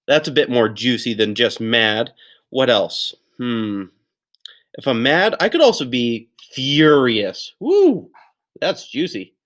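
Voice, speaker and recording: A man's voice: medium pitch, lively intonation, takes it slowly, a bit bright. Upbeat man teaching young kids. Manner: upbeat, encouraging, with playful exclamations. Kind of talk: recorded lesson for young children.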